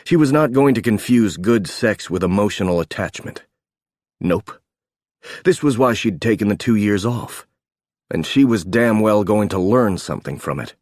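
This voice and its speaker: A man with a low voice narrating an audiobook, steady and measured. The sound is dry and close to the mic, with no room at all. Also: no room sound. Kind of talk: scripted narration.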